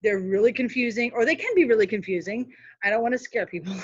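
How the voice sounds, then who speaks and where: A chatty woman with a fairly high voice gives practical marketing tips as a guest on a live video call. She talks casually, full of fillers and asides. The sound is dry and a little dull. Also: animated, fast, husky, dry recording. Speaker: guest speaker, social media manager.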